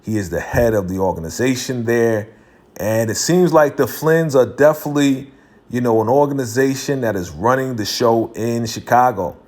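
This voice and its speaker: A man's voice: medium pitch, moderate pace, darkish tone. A man hosting his own video, recapping a TV episode in a slangy, casual way and laughing between lines. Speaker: video host reviewing a TV episode.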